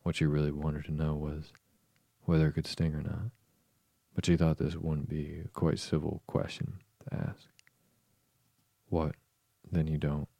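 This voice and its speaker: A man reading a storybook aloud slowly and softly to lull listeners to sleep. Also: rumbling low, level tone, creaky, no room sound. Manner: slow, soft, soothing reading. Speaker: podcast host, bedtime reader.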